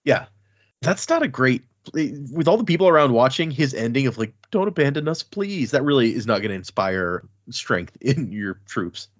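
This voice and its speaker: A man's voice: mid-range voice, dry recording. A man recapping a fantasy book chapter in casual podcast chat, acting out characters' lines as he goes. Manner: animated, acts out characters' lines in quick voices. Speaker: podcast co-host. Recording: dull dry podcast audio.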